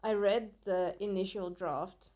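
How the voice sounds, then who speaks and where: A woman's voice: medium pitch, fairly even intonation, unhurried, dark tone. A woman book editor chats on a podcast with open enthusiasm. She gushes and lingers over the parts she adores, in an easygoing, conversational manner. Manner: gushing and enthusiastic. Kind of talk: casual podcast book chat.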